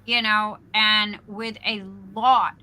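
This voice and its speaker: A woman's voice: medium pitch, flat delivery, takes it slowly, sharp tone, low-quality recording. A woman in her sixties telling her personal story on a livestream, blunt and profane with lots of ums and uhs. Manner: blunt and profane, with frequent fillers. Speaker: livestream host.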